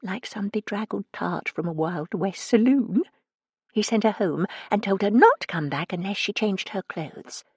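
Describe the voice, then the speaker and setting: A woman voicing a nervous young female shop assistant who talks in a hushed, hesitant voice, in an audiobook. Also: mid-range voice, sing-song, brisk, hardly any pauses, husky, dry recording. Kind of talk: audiobook character reading.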